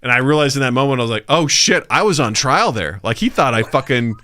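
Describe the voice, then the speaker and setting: Speaking fast in a mid-range voice, this man co-hosts a podcast and spins stories in casual conversation, animatedly performing each character's quoted lines. The recording is studio quality with no echo.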